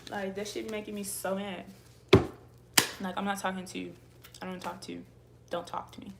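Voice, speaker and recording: A woman's voice: medium pitch, level tone, moderate pace, gravelly, very noisy. A woman YouTuber who reads tarot, ranting angrily to camera in a profane, repetitive way.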